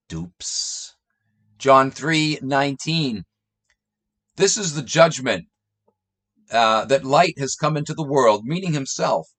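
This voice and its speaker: A man's voice: mid-range voice, fairly bright tone. A man who reads out scripture passages and then mocks them with sarcastic, scornful commentary. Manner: reads quotes aloud then jeers, slow drawn-out delivery. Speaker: online commentator. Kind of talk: reading and mocking scripture passages.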